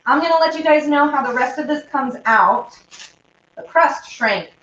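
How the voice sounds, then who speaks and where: A woman's voice: high voice, lively intonation, normal speed, fairly bright tone. A young woman chatting casually with viewers while she bakes, rambling and giggly. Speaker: live-stream baking host. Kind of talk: casual chat while baking. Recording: roomy, slightly dull sound.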